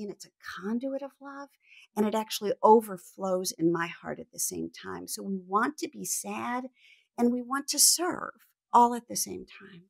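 Earnest woman with a gravelly edge. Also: mid-range voice. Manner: earnest, reflective, quotes scripture. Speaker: guest, business coach. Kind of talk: faith-centered podcast conversation.

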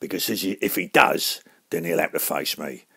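Man impersonating a deep, gravelly Cockney tough guy, growling threats. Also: bright, forceful tone, no echo, studio quality, exaggerated voice. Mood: menacing. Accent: Cockney London. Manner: gruff, menacing, slow and low. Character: gruff tough-guy London actor, football-mad.

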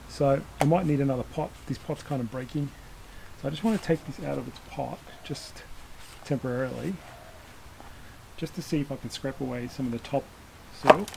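A bonsai channel host speaks in a creaky, medium-pitched voice with background noise behind him. As he demonstrates hands-on, his talk is casual and meandering, full of self-corrections and small laughs.

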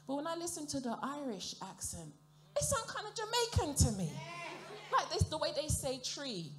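A woman works a theatre crowd through a stand-up set. Her voice sits a little high and her delivery stays playful and chatty, full of questions thrown at the audience. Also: wildly swooping pitch, moderate pace, over music. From African heritage, grew up in Britain. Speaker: stand-up comedian. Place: theatre stage before a live audience.

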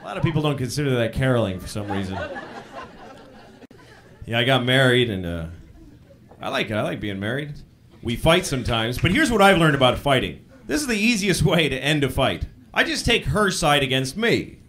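Deadpan man doing stand-up to a crowd. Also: medium pitch, fairly quick. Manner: deadpan, self-mocking, profane. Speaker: stand-up comedian. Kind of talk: live stand-up comedy. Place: comedy club stage with audience. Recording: live club recording with crowd laughter.

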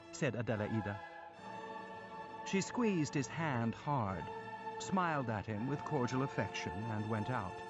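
A man reading a classic novel aloud as an audiobook narrator, in a measured, expressive storytelling manner. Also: medium pitch, over music.

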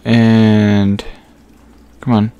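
A man giving casual gameplay commentary, thinking aloud as he sorts through items with frequent pauses and fillers. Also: fairly low pitch, flat delivery, warm tone, smooth, dull audio. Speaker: gaming channel host.

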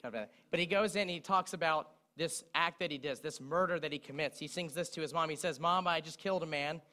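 A man's voice: on the high side, brisk. A young man preaching a sermon, retelling song lyrics as he speaks. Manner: recites song lyrics in a speaking voice, lively storytelling.

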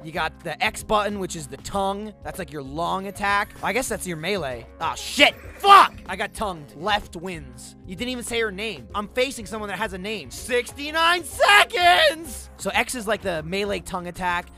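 Male gameplay commentator, high and lively, swears nonstop, sarcastic, yells at the game. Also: moderate pace, hardly any pauses, faint music behind. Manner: sarcastic, excitable, swears constantly, erupts into shouts. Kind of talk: profane comedic gameplay commentary.

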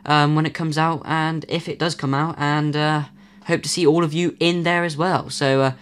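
In a casual announcement for his channel, a man whose voice is failing wanders through his words with many fillers. The pitch is fairly high and level, the speed normal, and the tone fairly bright and clean.

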